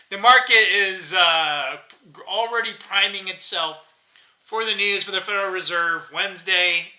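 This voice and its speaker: Fifty-something guy vlogging, chatty and self-mocking, pitched kinda high, roomy echo. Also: sharp tone. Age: 50s. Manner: rambling, jokey, self-mocking, laughs often. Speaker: channel host. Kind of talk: casual vlog chat.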